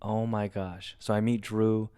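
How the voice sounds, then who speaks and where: A man's voice: on the low side, unhurried, clean tone. A young man, a podcast co-host, telling a long story casually and acting out what people said. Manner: animated storyteller acting out quotes.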